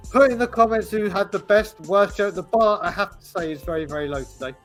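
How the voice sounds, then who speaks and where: A man's voice: high-pitched, fairly quick, a bit bright, soft background music. A man co-hosting a casual chat, cheerful and self-mocking. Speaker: co-host.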